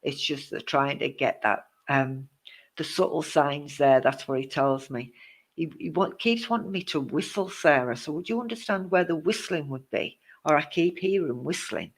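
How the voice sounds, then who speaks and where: A man leads a live online psychic reading, his voice sitting a little high. He speaks in a reassuring, comforting way, sprinkling in endearments and breaking off to greet new viewers. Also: normal speed. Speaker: psychic medium.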